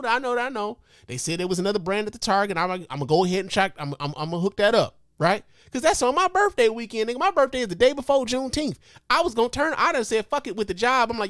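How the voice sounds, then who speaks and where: A man hosting a comedic podcast, ranting in a profane, mock-outraged way that swings from loud outbursts to low mutters and chuckles, speaking into a podcast microphone. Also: dry recording, clean studio sound. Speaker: podcast host.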